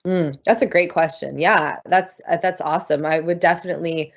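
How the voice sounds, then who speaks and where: Low-voiced woman guest, excited and kinda spiritual, muffled lo-fi sound. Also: moderate pace, vocal fry. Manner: enthusiastic, open and spiritual in tone. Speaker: podcast guest, voice and singing group leader. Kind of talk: casual interview chat.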